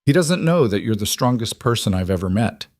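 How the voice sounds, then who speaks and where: A fierce male crime boss speaks low and intensely, protective to the core, voiced by a male narrator. The sound is dry and close. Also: very animated, brisk, a little mellow, dry recording. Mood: intense, tender.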